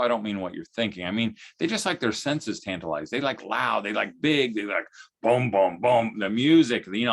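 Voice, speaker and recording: A man giving a folksy, humorous storytelling talk to parents, full of vocal sound effects. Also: on the low side. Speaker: speaker at a homeschooling event.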